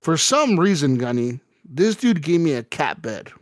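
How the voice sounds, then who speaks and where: A man co-hosting a casual gaming podcast tells a long, rambling story full of swearing. He acts out quotes with sudden jumps in pitch, and his voice sits a little high. The sound is dry and close, with no room echo. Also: big pitch swings, measured pace. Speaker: podcast co-host.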